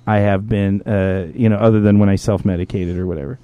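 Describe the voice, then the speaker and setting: A man's voice: lowish voice, a little fast, smooth, dry recording, lo-fi sound. A man hosting a podcast, telling a personal story in casual talk, swearing freely and acting out other people's lines. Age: adult, a parent. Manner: profane, animated, jumps into impressions of others. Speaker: podcast host.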